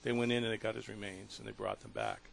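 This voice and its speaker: A man with a low, gravelly voice hosts a talk radio program. He tells a story earnestly, full of feeling, stumbling over his words and starting again. His delivery sounds like unscripted storytelling on the air. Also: big pitch swings, a little hiss or hum. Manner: earnest, emotional retelling with halting restarts.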